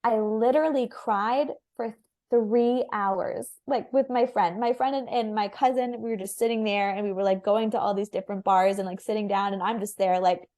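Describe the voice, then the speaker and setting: A young woman shares a personal story as an interview guest. She talks in an earnest, candid way and scatters filler "likes" through her sentences. Her pitch sits in the middle range. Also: fairly even intonation, normal speed, a little mellow.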